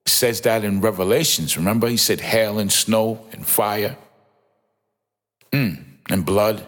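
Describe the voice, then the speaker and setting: A Bible teacher gives informal, emphatic commentary on Scripture, often repeating himself and exclaiming in awe. His voice sits on the low side and he speaks a little slowly.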